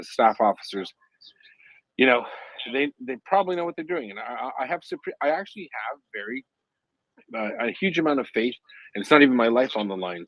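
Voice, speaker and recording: Man, casual panel talker, animated and jokey, plenty of restarts, mid pitch, dry close sound. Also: no room sound, rough recording. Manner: animated, joking, rambling with restarts. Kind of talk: casual chat.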